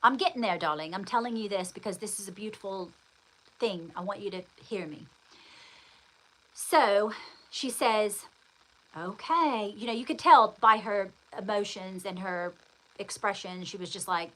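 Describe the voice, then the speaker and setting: A woman with a bright, clear voice chats her way through a personal story, rambling and circling back as she goes. She talks straight to her listener, calling them darling, in an easy, conversational way. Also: mid-range voice, rough recording. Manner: chatty, rambling, addresses the listener directly with endearments. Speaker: host. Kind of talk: casual storytelling chat.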